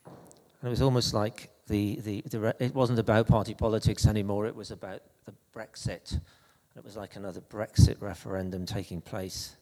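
A man preaching an anecdotal sermon in a conversational, halting way, with frequent restarts. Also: on the low side, steady tone, dark tone, big-room sound.

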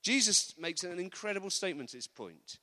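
A man preaching a sermon, animated, acting out quotes with humorous asides. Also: high voice, fairly quick. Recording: long reverb of a large hall.

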